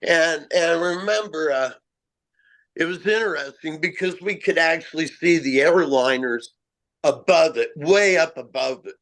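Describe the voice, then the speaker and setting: A middle-aged man telling a first-person story of a strange encounter, halting and self-mocking, with frequent restarts. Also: on the high side, a bit bright, rough recording. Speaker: amateur Bigfoot researcher.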